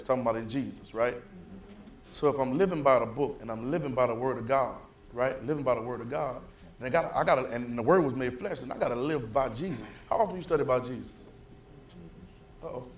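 A man preaching a sermon, talking casually to the congregation, repeating himself and building to loud fervor. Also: medium pitch, fast talker, roomy sound. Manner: casual, repetitive restarts.

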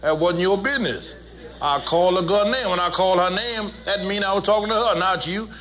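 A man's voice: sits high, moderate pace, bright, forceful tone. A man preaching as a pastor, folksy and teasing, leading his congregation in call-and-response. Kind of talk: sermon.

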